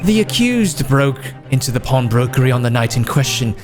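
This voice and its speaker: A man's voice: mid-range voice, very animated, moderate pace, natural voice. A man voicing a haughty, contemptuous aristocratic prosecutor in grand, formal courtroom speech, with game music behind. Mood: accusing. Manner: pompous, formal courtroom oratory.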